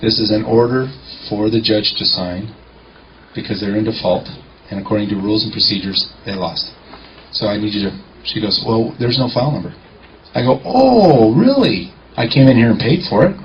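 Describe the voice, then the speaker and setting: A man telling a lively courtroom-clerk story in a confident storytelling talk, acting out the dialogue. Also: on the low side, fairly quick, slight background noise. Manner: animated, acts out dialogue, confident. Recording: muffled lo-fi recording.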